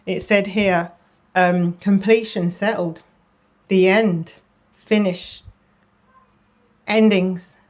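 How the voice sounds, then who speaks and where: A woman giving a casual tarot reading, chatty, often repeating phrases and dropping into a soft murmur. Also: medium pitch, fairly even intonation, extremely slow, long pauses. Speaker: tarot reader.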